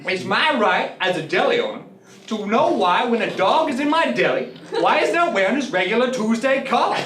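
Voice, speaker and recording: A man putting on a prim old deli owner who spins a folksy yarn in a very high voice that leaps all over the place. The sound is roomy and picked up from a distance, with a faint hum behind. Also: very animated, a little fast, a bit bright. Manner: folksy storyteller drawl, prim and easily offended. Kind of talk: comic sketch monologue.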